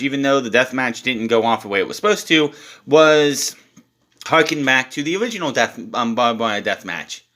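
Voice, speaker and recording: A young man talks in a loose, casual review style, blunt and exasperated, with frequent swearing. His voice is bright and forceful, pitched in the middle for a man. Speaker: wrestling show reviewer.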